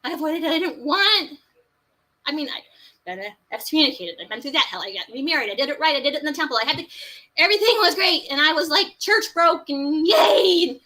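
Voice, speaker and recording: A woman guest telling her personal story with strong feeling, swinging from quiet, fast talk to outbursts and shouts. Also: high voice, animated, rough recording. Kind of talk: emotional personal testimony.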